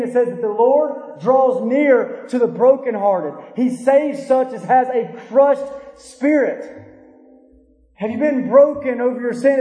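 A man preaches a sermon in a very high, mellow voice. He is earnest and confronting, pressing his listeners with question after question. The sound carries a long echo from a large church hall. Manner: earnest, confronting, asks repeated rhetorical questions. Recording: echoey hall.

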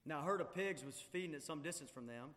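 A male pastor preaching a sermon in a church, emphatic, swinging from loud urgency to hushed intensity. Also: fairly high pitch, quick pace. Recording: long hall reverb.

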